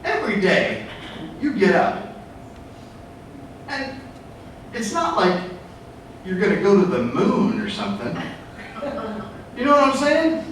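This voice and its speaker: A man's voice: high voice, wildly swooping pitch, slow, long pauses, a bit bright. A man giving a playful, jokey motivational talk on stage to a real estate crowd, acting out customers and brokers. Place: large event hall with live audience. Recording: echoey hall recorded from far off, noisy.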